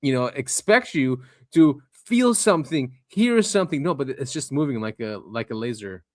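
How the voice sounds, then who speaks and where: A man co-hosting a podcast in casual chat, his thoughts halting as he breaks off and starts again. His voice sits at a middle pitch and the sound is dry and close, with no room in it. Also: lively intonation, no echo. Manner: halting, trailing off and restarting. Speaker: podcast co-host.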